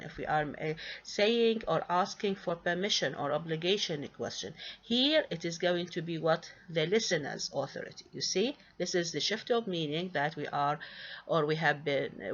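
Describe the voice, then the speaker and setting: A woman's voice: on the low side, a bit bright, lo-fi sound. A woman teaching an English grammar lesson, often asking a question and answering it herself, with frequent fillers. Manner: asks and answers her own questions, with many fillers.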